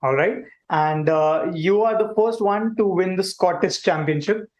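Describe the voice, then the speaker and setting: A man's voice: high voice, measured pace, highs cut off. A man playing a chatty alien host. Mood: cheerful. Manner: animated, chatty, addresses viewers directly. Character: friendly male alien visitor hosting a kids' stream. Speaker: livestream host. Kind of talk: playful kids' livestream hosting.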